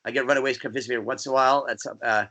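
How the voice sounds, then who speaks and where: A man from New Jersey, a guest DJ, chatting casually and telling rambling, animated stories. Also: mid-range voice, very fast. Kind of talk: casual podcast chat.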